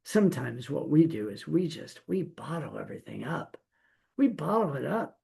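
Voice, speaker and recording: A middle-aged man gives a Torah teaching in a relaxed sermon style, talking to his listeners as if face to face. His voice is warm and gravelly, set a little high for a man. He keeps it folksy, with playful asides and one rhetorical question after another. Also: moderate pace. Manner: conversational preaching with rhetorical questions.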